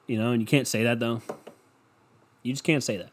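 A man's voice: mid-range voice, steady tone, normal speed, pauses often. A young adult man hosting a podcast, talking in a loose, profane, rambling way as he tells stories. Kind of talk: casual rambling rant.

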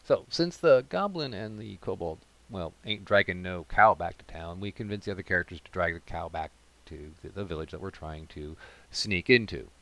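A man casually telling a funny story about his tabletop game character, animated, with comic asides. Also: low voice, moderate pace.

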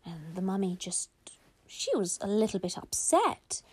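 A woman reading a children's bedtime story aloud, slow and gentle, putting on small voices for the characters. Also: medium pitch, sing-song, slightly rough.

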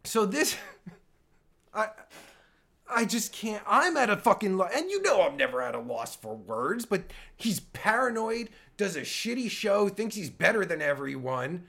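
A man's voice: high-pitched, very animated, a little slow, gravelly, fairly bright tone. A man hosting a live-streamed reaction show, sarcastic and stammering, swearing constantly as he rants. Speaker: podcast host reacting to a clip. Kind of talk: angry profane reaction commentary.

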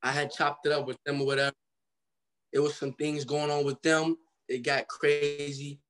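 A man's voice: fairly high pitch, little pitch movement, brisk, fairly bright tone. Young Ohio man telling his story, slangy. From Cincinnati, Ohio. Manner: loose slangy storytelling, acts out quoted voices. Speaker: guest artist. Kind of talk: casual storytelling interview.

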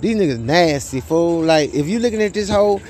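High-voiced man ranting, rambling and profane. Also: lively intonation, moderate pace, a little mellow. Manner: profane, rambling, repeats "you know what I'm saying". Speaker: father telling his side of a custody dispute. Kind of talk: casual storytelling monologue. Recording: faint music behind.

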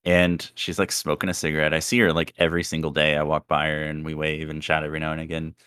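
A young man hosting a podcast, telling stories in a relaxed, casual way and laughing often. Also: extremely low pitch, fast talker, smooth, dry recording, studio quality. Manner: laid-back storyteller, laughs often. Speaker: podcast host. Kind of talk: casual chat.

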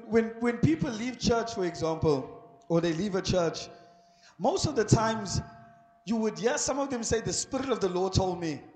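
A South African man preaching a sermon from a church pulpit, his voice sitting noticeably high for a man. He is animated, slipping into acted-out voices and laughing as he goes, speaking into a handheld mic. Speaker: pastor.

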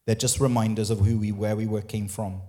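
Emphatic pastor preaching a sermon. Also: male voice, on the low side, flat delivery, fairly quick, dark tone. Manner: emphatic, repeats phrases and asks the crowd questions. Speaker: lead pastor. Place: church.

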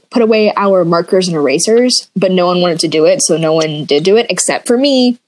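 A young woman co-hosting a podcast, chatting casually and telling childhood stories with giggles. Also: medium pitch. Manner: giggly, animated storytelling. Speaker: podcast co-host. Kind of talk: casual chat.

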